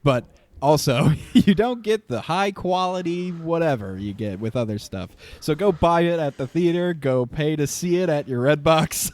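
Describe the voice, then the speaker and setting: A man's voice: on the high side, animated, normal speed, darkish tone. A man hosting a podcast in casual chat, joking and laughing often. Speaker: podcast host.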